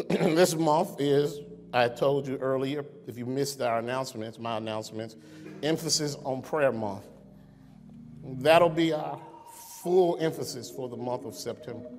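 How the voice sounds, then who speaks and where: A man's voice: medium pitch, a little slow, darkish tone. A male pastor preaching a sermon to an online congregation, with a conversational style and frequent rhetorical questions. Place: church sanctuary. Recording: long reverb in a church sanctuary.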